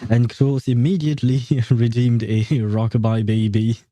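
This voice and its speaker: Mellow, chuckling male game streamer. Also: mid-range voice, little pitch movement, normal speed, dry recording. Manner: rambling and hesitant, with many fillers and frequent chuckles. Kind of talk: casual live-stream chat.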